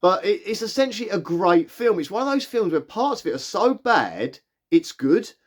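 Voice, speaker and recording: A man's voice: high-pitched, big pitch swings, moderate pace. A man giving a casual film review, enthusiastic and rambling, with frequent restarts and fillers. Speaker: movie reviewer.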